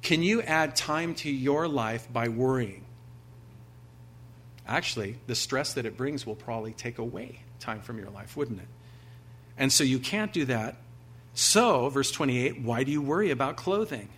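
A man's voice: mid-range voice, expressive, a little slow, fairly bright tone, slight background noise. A man preaching a sermon, reading scripture aloud with emphasis and asking his listeners rhetorical questions in a conversational way. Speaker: pastor.

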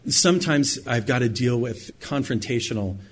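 Man, middle-aged, husky voice, preaching, acts out quotes in bursts. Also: expressive, normal speed. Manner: acts out quoted lines with sudden high, loud bursts. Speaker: pastor. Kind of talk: sermon.

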